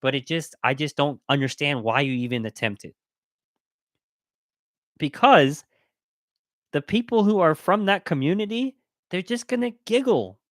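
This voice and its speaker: A man's voice: a little high, unhurried, long pauses, no echo. Emphatic man ranting, dry close sound. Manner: animated and emphatic, voice rising when worked up; talks in loose restarts and rhetorical questions. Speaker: podcast co-host. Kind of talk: casual opinion talk.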